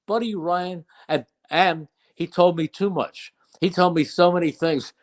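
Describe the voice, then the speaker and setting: A man's voice: sits high, steady tone, unhurried. An older man, a veteran broadcaster, telling fond anecdotes in an interview with emphatic, storytelling delivery. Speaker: play-by-play broadcaster.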